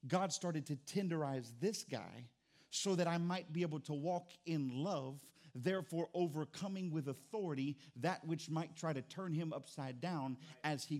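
In a church sanctuary, a male pastor delivers an animated sermon, acting out voices and little dialogues. He swings from loud bursts to quiet, low reflection.

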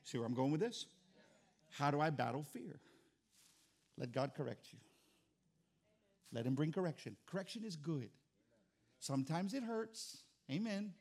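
Man, pastor, sermon, lively swings in pitch, slightly high voice, acts out voices. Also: moderate pace, long pauses. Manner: animated, acts out voices and dialogue. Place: church sanctuary.

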